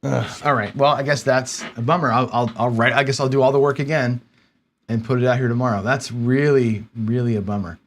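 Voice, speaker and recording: Male live-stream host, mid-pitched, casual, muttering and exasperated at his desk. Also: steady tone, fairly quick. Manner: frustrated, muttering to himself while searching. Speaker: livestream host.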